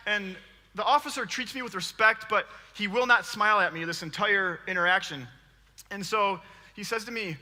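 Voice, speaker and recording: A man in his thirties giving a storytelling sermon as a guest preacher, animated and joking, laughing often. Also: high-pitched. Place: church hall. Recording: long hall reverb.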